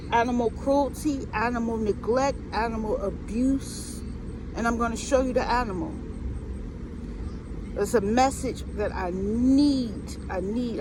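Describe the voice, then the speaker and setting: A woman's voice: mid-range voice, noisy background. A woman talking earnestly and emotionally in a casual vlog, with fillers and restarts, filmed outdoors on a phone. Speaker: vlogger. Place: outdoors near a residential field.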